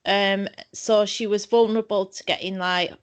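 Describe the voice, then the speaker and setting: A woman's voice: mid-range voice, steady tone, normal speed, clean tone. A woman, hosting a casual chat and recalling a memory in a thoughtful, hesitant way.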